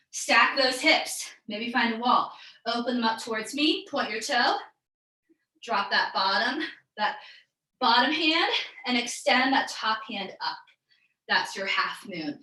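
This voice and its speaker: Female yoga instructor, bright upbeat cueing, a little breathless, echoey room. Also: on the high side. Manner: upbeat, encouraging, calls out breaths and poses. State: a bit out of breath. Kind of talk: live online yoga class cues.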